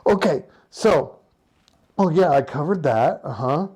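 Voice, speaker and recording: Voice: mid-range voice, lively intonation, measured pace, darkish tone, slightly rough. A passionate, sarcastic vlogger from the United States, ranting casually about the economy with lots of rhetorical questions. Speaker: economic commentator. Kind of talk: casual opinion vlog rant.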